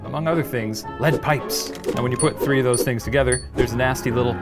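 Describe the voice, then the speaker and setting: A man hosting a comic history quiz, excitable and theatrical. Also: mid-range voice, a little fast, music in the background. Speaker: quiz host.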